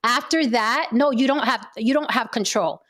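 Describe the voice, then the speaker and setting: A young adult woman hosting a heated panel discussion, firm and steady as she talks over interruptions to keep control. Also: fairly high pitch, moderate pace. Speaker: panel show host.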